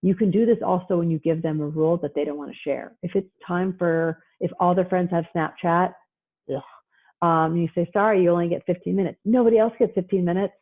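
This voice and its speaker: A woman presenting on parenting in a casual talk over a video call, chatty and acting out parents and kids in quick asides. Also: on the low side, fairly even intonation. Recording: tinny phone-like line.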